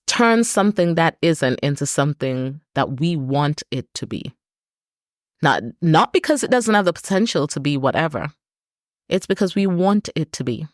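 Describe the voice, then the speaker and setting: A low-pitched woman talks through a reflective solo podcast. Her voice is recorded dry and close, and she stresses her points with earnest, repeated lists. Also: no room sound. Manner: earnest, repetitive, emphatic lists. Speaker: podcast host.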